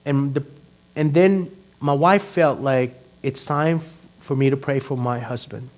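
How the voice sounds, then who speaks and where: A male pastor preaching a conversational sermon that grows loud and animated, full of rhetorical questions. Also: mid-range voice, unhurried.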